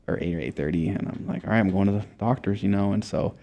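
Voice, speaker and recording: A man's voice: on the low side, quick pace, creaky, dull audio. A young man from Montana, a guest in a casual interview, telling his story in a laid-back way, with lots of swearing and filler words. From Montana, USA.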